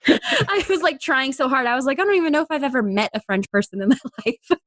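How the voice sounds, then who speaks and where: A young woman from New York, an actress guest on an interview, who tells stories in an animated, giggly way. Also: high voice, fast, no room sound. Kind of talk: casual interview chat.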